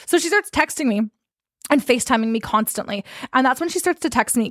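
A young woman co-hosting a podcast, telling a story in casual chat, animated and swearing as she acts out quotes. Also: high voice, quick pace, no echo. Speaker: podcast co-host.

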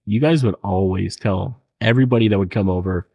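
A young man, a podcast guest, telling a childhood story in lively casual talk and laughing often. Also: fairly low pitch, a little fast, creaky, lo-fi sound. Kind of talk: casual chat.

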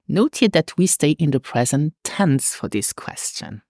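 A woman teaching a language lesson, patiently repeating words slowly for pronunciation. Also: low voice, lively intonation, a little mellow, dry recording, clean studio sound.

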